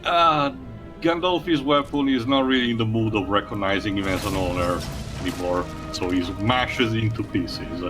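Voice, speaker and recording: A man's voice: on the low side, normal speed. A man hosting a let's play, explaining the game's story in casual commentary and laughing often. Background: game music.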